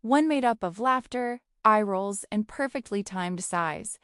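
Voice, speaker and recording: A woman's voice: mid-range voice, animated, unhurried, fairly bright tone, smooth, dry recording, clean studio sound. A woman giving a playful, teasing scripted narration of a humorous story.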